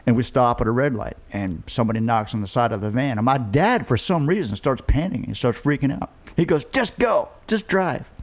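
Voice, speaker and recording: A man's voice: medium pitch, fast talker, hardly any pauses. A middle-aged man, a guest musician, telling road stories in a rambling, self-deprecating way. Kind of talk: casual storytelling chat.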